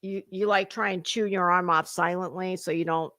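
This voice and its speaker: A woman's voice: fairly low pitch, fairly even intonation, moderate pace, sharp tone, no echo, clean studio sound. A middle-aged woman hosting sarcastic reaction commentary, mocking and profane, slipping into put-on voices. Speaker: commentary host.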